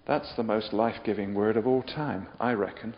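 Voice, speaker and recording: Speaking at a moderate pace in a fairly low voice, a man delivers a chatty, jokey sermon and keeps asking his listeners questions. The audio is dull and lo-fi, with a long hall reverb.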